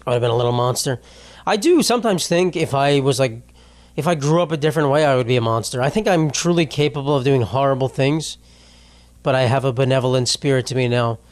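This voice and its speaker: A young man hosting a podcast, talking casually in a rambling, self-deprecating way, swearing often and laughing mid-sentence. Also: fairly high pitch. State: tearful after a loss. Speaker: podcast host. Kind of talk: casual solo podcast monologue.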